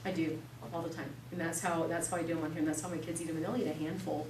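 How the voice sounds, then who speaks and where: A woman in her thirties leads a live cooking class, telling lively stories and laughing along. Her voice sits a little low, and it is picked up from a distance in a reverberant room with faint noise behind. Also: very fast. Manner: chatty, animated storytelling with laughter. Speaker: class instructor.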